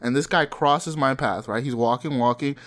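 Young male co-host, loose storyteller who laughs a lot and acts out what others said. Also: normal speed. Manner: animated, laughing, acts out quotes with sudden pitch jumps. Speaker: podcast co-host. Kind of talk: casual storytelling chat.

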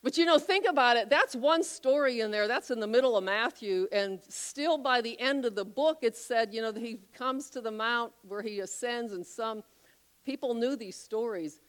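A woman preaching a sermon, telling a Bible story with animated, acted-out voices. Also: on the high side, moderate pace. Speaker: pastor.

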